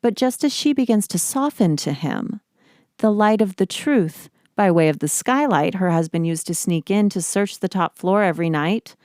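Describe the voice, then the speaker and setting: A woman hosting a podcast reads her scripted narration in a measured, deliberate manner. Her voice sits low and the recording is dry and close, with no room sound. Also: mellow, dry recording. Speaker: podcast host.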